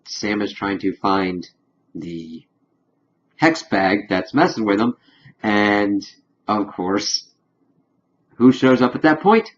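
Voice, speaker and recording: A man recapping a TV episode in a casual review vlog, chatty and slipping into quick acted-out asides. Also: on the low side, animated. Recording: dull lo-fi recording.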